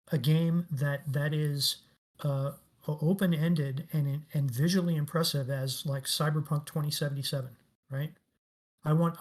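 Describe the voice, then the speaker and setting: A middle-aged man talking as a guest in a casual interview, telling stories enthusiastically and with emphasis. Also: a little high. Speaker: guest, game industry veteran.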